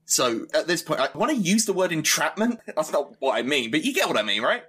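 Measured man on a comedy podcast. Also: fairly high pitch, big pitch swings, a bit bright, breathy edge. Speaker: podcast co-host. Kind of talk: casual comedic chat.

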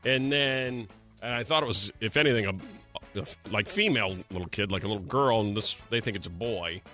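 A male morning radio host with a bright, forceful voice, joking and steering the banter. Faint music plays under him. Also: on the low side, brisk. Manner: joking, directs the crew.

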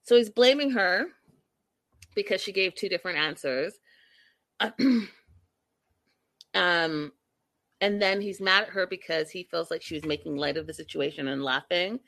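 A woman's voice: lowish voice, a little slow, vocal fry, long pauses, no room sound. A woman recapping a reality show for her viewers in a casual, blunt and exasperated way, swearing freely and acting out what people said. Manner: acts out quoted people with sudden loud bursts.

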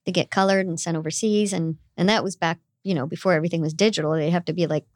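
A woman's voice: fairly low pitch, fast, dry recording. Girlish-sounding woman, dry close sound. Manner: chatty, animated storyteller. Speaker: voice actor guest. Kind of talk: casual interview chat.

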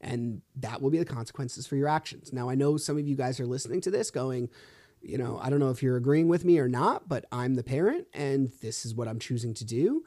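A man's voice: mid-range voice, lively intonation, a little fast, mellow, no room sound, studio quality. A man hosting a solo podcast, telling a story in a frustrated, profane way while lying in bed with a sore back. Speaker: podcast host.

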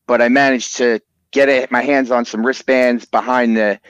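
A man tells a rambling anecdote in a lively, excited way. His voice sits at an ordinary middle pitch. The sound is close and dry, with no room around it. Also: normal speed, smooth, no echo, muffled recording. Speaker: podcast guest. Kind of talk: animated storytelling.

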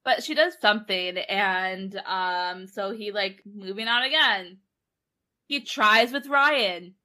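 Young woman rambling through a book recap, bright tone, laughs a lot. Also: medium pitch, slow. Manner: rambling, laughing, acting out characters. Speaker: podcast co-host. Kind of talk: casual book chat. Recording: online call recording.

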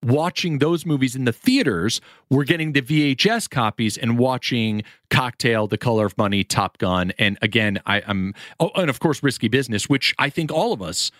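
A man's voice: mid-range voice, moderate pace, few pauses, no echo, studio quality. A man in his forties, a guest and actor, chatting casually and telling rambling stories while acting out the voices of people he quotes. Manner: rambling animated storytelling, acts out quoted voices. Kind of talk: casual chat.

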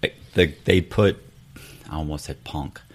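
A man casually telling a rambling personal story on a podcast, acting out the other people's lines in high-pitched voices. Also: measured pace. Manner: animated, acts out quoted dialogue with high-pitched voices; loose and rambling with restarts.

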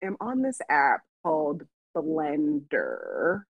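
A woman's voice: sits low, slow pace, vocal fry, no room sound. A woman co-hosting a podcast, telling a story in casual chat and laughing often. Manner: laughs often, animated when quoting herself. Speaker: podcast co-host. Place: Las Vegas. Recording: dull lo-fi dry recording.

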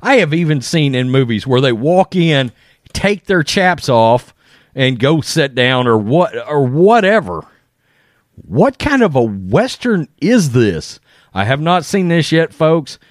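A man delivers opinionated news commentary, blunt and profane. His voice sits high and swoops around a lot as he speaks slowly and deliberately. The sound is dry and close. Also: sing-song, no echo.

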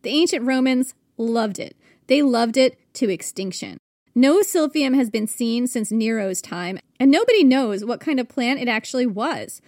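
Woman podcast co-host, high voice, dry close sound, playful storyteller. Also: animated, moderate pace, a little mellow, no room sound. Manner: playful, chatty, thinks aloud. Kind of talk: casual history storytelling.

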